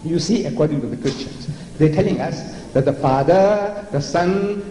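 A mellow man's voice that sits high belongs to an older South African lecturer. Before a large hall, he theatrically ridicules religion and repeats words for effect, with the recording echoing in long reverb over faint noise.

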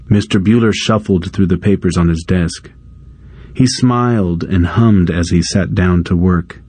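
A man narrates a short story aloud at an unhurried pace. His voice is low and mellow, and the recording is close and dry with no room sound. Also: husky, no echo. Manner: slow, even storytelling.

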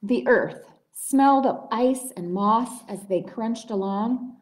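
A woman's voice: fairly high pitch, slow pace. Woman reading a story aloud, echoey room. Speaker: librarian. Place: public library room.

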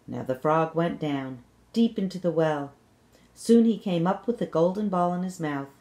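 Low-voiced woman reading a story. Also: expressive, normal speed, mellow. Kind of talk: children's read-aloud.

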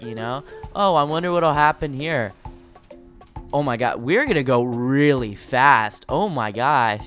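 A young man commenting on a game as he rides through it, excitable and rambling, often tripping over his words. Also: mid-range voice, a little slow, soft background music. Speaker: gaming video creator.

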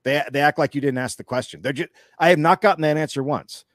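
A man's voice: fairly high pitch, fast talker, a bit bright, no echo, clean studio sound. A man speaking as an interview guest in casual chat, ranting with anger and profanity and telling stories animatedly, with frequent restarts.

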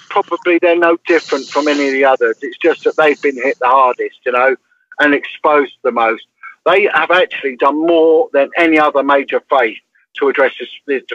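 A man's voice: fairly high pitch, moderate pace, fairly bright tone, dry recording, lo-fi sound. An English man, a former police detective, telling a story as an interview guest in an emphatic way, often checking in with "right?".

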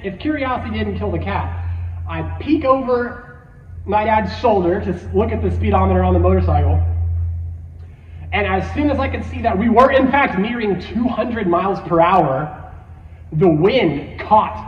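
A high-pitched man preaches to young people, animated and emphatic as he tells a story. His voice comes from a distance in a big, echoey hall with a long tail of reverb. The sound is a little dull, with a faint hiss underneath. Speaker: youth pastor. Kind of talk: sermon with personal storytelling.

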